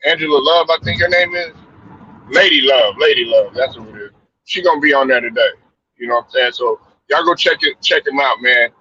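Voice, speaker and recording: A man's voice: medium pitch, brisk, pushed and bright, breathy edge. A man hosting a casual sports chat show, rambling loosely and swearing freely. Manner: loose, profane, rambling storytelling. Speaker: podcast host. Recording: dull lo-fi stream audio.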